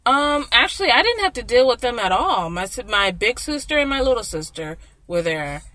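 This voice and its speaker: Young woman, bright and lively, telling work stories casually. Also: on the high side, normal speed, no room sound. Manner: animated storyteller, voices people in her anecdotes, laughs often. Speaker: food service worker telling a story. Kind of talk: casual chat.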